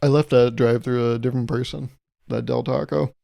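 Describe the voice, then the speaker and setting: A man's voice: medium pitch, fairly even intonation, a little fast, creaky, mellow. A man hosting a solo comedy podcast, rambling through stories in a self-mocking way and laughing often. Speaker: podcast host.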